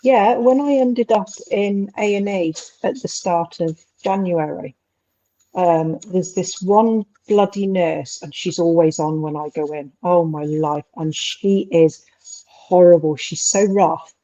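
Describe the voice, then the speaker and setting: Mellow woman, dull lo-fi sound. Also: fairly low pitch, slow pace. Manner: chatty, rambling with many fillers. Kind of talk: casual chat.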